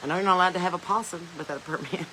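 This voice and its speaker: A woman's voice: fairly low pitch, racing, pushed and bright, slight background noise, low-quality recording. A woman with a Southern US accent hosting a casual live stream from her phone, rambling, laughing often and reading viewer comments aloud. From Southern United States. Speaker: podcast host. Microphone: smartphone.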